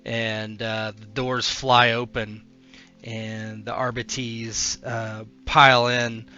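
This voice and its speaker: A man's voice: medium pitch, level tone, takes it slowly, pushed and bright, muffled recording, soft background music. A man running a tabletop role-playing game, narrating loosely with many fillers. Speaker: game master.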